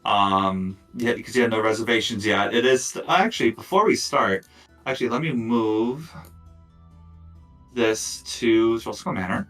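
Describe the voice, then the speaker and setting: A man narrating as dungeon master of a tabletop game, casual and relaxed, with lots of fillers and asides. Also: lowish voice, unhurried, recorded from a distance, soft background music, poor audio.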